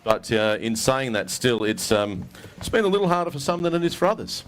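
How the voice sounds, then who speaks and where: A man's voice: medium pitch, very animated, fairly quick, slight background noise. Chatty Australian weigh-in emcee, man. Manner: chatty, jokey, mate-heavy banter. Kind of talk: casual event commentary. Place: outdoor fishing tournament weigh-in.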